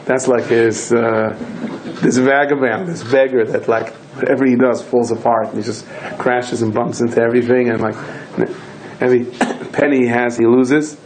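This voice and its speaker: A man's voice: medium pitch, normal speed, a little hiss or hum, rough recording. A man, a rabbi, telling stories in a Torah lecture, acting out his characters' lines. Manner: animated storyteller who acts out voices and shouts in quoted lines.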